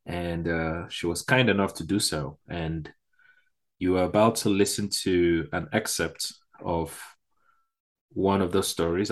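A male podcast host introduces his guest in a loose, casual way, stopping often on uh and um. His voice sits low and deep. He sounds relaxed and unscripted. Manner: hesitant, many fillers.

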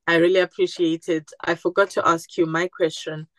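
A woman's voice: lowish voice, flat delivery, moderate pace, a bit bright, no echo. A woman guest on a podcast interview, talking earnestly and animatedly, acting out the voices of people she quotes. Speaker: podcast guest, community group founder. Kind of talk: conversational interview.

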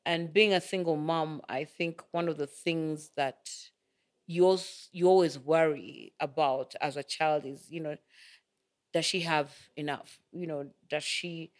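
A woman's voice: low voice, steady tone, a little slow. Middle-aged woman from Kenya, interview guest, chatty, acts out quotes, laughs easily. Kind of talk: casual interview storytelling.

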